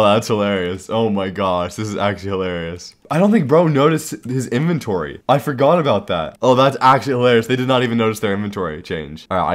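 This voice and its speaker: A young man narrates his gameplay in a casual, excitable way, half talking to himself. His voice sits a little low for a man. He sounds like he is speaking into a desk microphone. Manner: excitable, giggly, talks to himself while trolling players. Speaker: Minecraft server owner and YouTuber.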